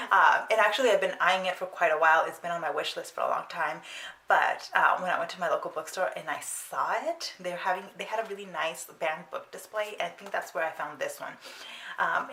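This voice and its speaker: A woman's voice: fairly low pitch, normal speed, bright, forceful tone. A young woman chatting casually as a book vlogger, with frequent ums and restarts. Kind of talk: casual chat. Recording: roomy sound with faint noise.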